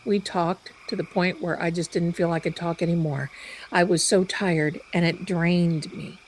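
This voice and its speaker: A woman hosting a live stream, telling a story in an animated, chatty way. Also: lowish voice, moderate pace, a little hiss or hum, rough recording. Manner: animated, chatty, loud bursts of laughter. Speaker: psychic live-stream host.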